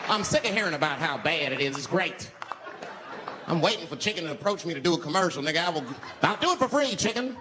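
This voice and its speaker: High, animated male stand-up comedian. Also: fast, noisy background. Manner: animated storytelling, jumps into character voices. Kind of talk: stand-up routine. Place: comedy stage before a live audience.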